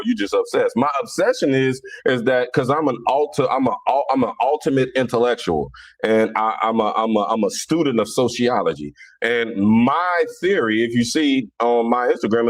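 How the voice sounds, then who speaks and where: A man from Cincinnati with a Southern-leaning accent, talking in a casual, animated monologue full of stammered restarts. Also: medium pitch. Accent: Cincinnati, Southern-leaning American. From Cincinnati, Ohio, USA. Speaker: Islamic commentator.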